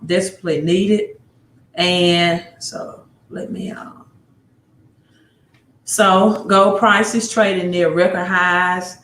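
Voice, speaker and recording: A woman with a Mississippi accent hosting a casual livestream, talking excitedly, repeating herself and answering viewer comments. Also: lowish voice. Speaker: livestream host. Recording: roomy echo.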